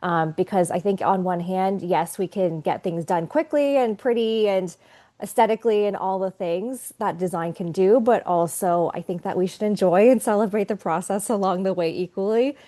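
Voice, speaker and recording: A woman's voice: medium pitch, moderate pace, warm tone. A woman brand designer talking as a podcast guest, reflective and chatty, with frequent "like" fillers. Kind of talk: casual podcast interview.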